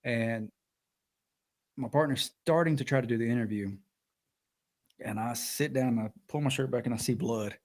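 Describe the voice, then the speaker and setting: Male, 30s, animated raconteur, mid-pitched. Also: normal speed, pauses often. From Alabama. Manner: animated storyteller, acts out quoted voices. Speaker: podcast co-host. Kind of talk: casual storytelling chat.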